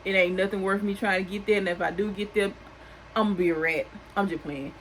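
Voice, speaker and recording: A woman's voice: mid-range voice, fairly even intonation, fast talker, poor audio. Woman doing a sassy casual tv recap, aave, regular mid voice, a little hiss behind. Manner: chatty, sassy asides. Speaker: recap host.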